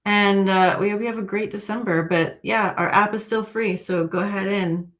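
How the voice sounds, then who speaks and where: A woman's voice: medium pitch, fairly even intonation, moderate pace. A woman hosting a livestream, talking casually and encouraging her viewers. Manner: encouraging, warm pep talk to viewers. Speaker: livestream host and intuitive coach.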